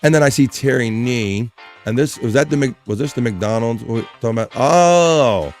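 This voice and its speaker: A man's voice: medium pitch, fairly quick, darkish tone, faint music behind. A man hosting a casual livestream, chatting and reading viewer comments aloud with frequent laughs. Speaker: livestream host.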